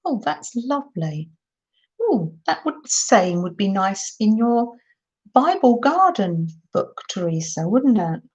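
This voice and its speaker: Slow-talking chatty older woman. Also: medium pitch. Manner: gushing, chatty, talks to viewers in the chat. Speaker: crafting livestream host. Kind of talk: casual livestream chat. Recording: dull lo-fi sound.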